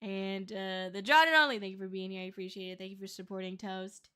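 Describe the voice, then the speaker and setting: A woman's voice: mid-range voice, fairly even intonation, fast talker, sharp tone, smooth. A young woman streaming, chatting candidly with viewers in a rambling way, full of fillers and restarts. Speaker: VTuber streamer. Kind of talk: casual livestream chat.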